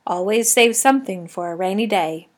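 A woman's voice: mid-range voice, moderate pace, lightly acted. A woman voicing a cheerful, chatty middle-aged male night janitor who jokes and talks kindly to a class pet. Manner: chatty, joking, friendly.

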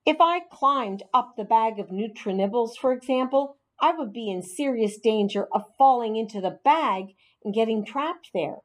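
A woman reading a children's storybook aloud in an expressive, animated way. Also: fairly high pitch, normal speed, hardly any pauses. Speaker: narrator.

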